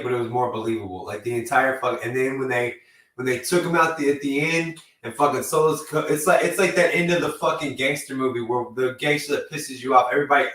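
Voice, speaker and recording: A man's voice: mid-range voice, fairly bright tone. Profane man rambling far from the mic. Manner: profane, rambling, mocks people in put-on voices. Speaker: podcast co-host. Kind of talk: crude casual wrestling chat. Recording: roomy sound, distant from the mic.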